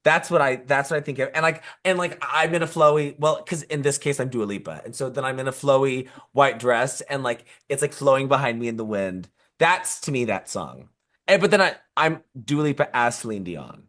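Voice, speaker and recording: Extremely low in pitch yet fairly bright, this woman's expressive voice moves at a normal speed. She's an enthusiastic pop music podcast co-host in casual chat, leaning heavily on fillers.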